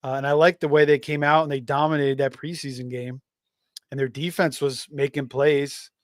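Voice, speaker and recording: A man's voice: fairly high pitch, little pitch movement, normal speed, no room sound, studio quality. A man hosting a live fantasy football stream, talking casually with many fillers and restarts while reading out chat messages. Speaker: fantasy football livestream host.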